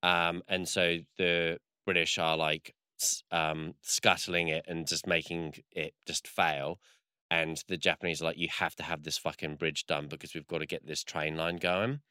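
A man's voice: deep voice, flat delivery, normal speed, bright, forceful tone, clean tone, dry recording, clean studio sound. A man in casual chat, rambling through a story with lots of fillers and swearing.

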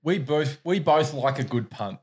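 A man's voice: a little high, animated, moderate pace, a little mellow, slightly rough. A man co-hosting a podcast in casual chat, easygoing and swearing casually, with the hiccups. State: has the hiccups. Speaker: podcast co-host.

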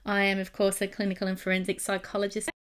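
A woman's voice: medium pitch, monotone, quick pace, smooth. Chatty Australian woman hosting a podcast. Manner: upbeat, chatty, many ums. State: a little nervous. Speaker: podcast host, psychologist. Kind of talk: casual monologue, podcast intro. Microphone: streamed live while recording audio.

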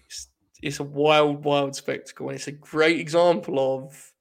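Gravelly-voiced man chatting animatedly. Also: a little high, measured pace. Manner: animated, swears freely. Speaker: podcast host. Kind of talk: casual chat.

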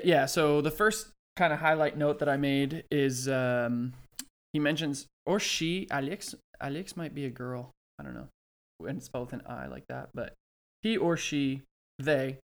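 A man co-hosting a podcast in casual chat, rambling and hesitant, with lots of restarts and dry sarcastic asides. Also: medium pitch. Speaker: podcast co-host.

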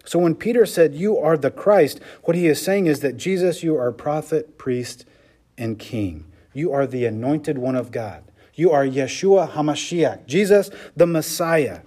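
A man's voice: fairly high pitch, lively intonation, a little slow, dark tone. A man, a pastor, preaching a sermon with emphatic delivery, often checking in with the congregation with "okay?" and "right?".

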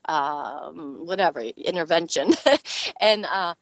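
A woman in her forties giving a personal faith testimony, earnest and halting as she searches for words, often laughing as she talks. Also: low voice, animated, no echo. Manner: often breaks into laughter while speaking. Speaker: Christian speaker sharing a testimony.

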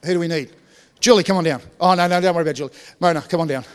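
A pastor with a fairly high, resonant voice delivers a church sermon very fast but clearly, keeping it conversational with asides to the congregation and frequent sentence restarts. A long reverb from the church hall trails his words.

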